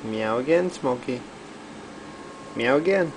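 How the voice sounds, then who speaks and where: A man speaks to his cat at home at an unhurried pace, his pitch sitting in an ordinary middle range. He teases and coaxes, sometimes calling out loudly and sometimes dropping to soft baby-talk whispers. A faint air-conditioner hum runs behind him. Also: lively intonation, rough recording. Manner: teasing, coaxing, swings between loud urging and soft baby-talk whispers. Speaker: cat owner filming his pet.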